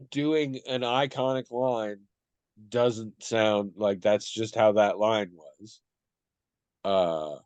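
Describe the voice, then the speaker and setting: A man co-hosting a podcast, talking through a question in a thoughtful, measured way. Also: medium pitch, darkish tone, no echo. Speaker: podcast co-host. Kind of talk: casual discussion.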